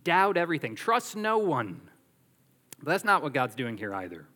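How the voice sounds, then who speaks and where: A man preaching a sermon as pastor, animated and emphatic, drawing on everyday illustrations. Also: on the high side, normal speed, long reverb tail.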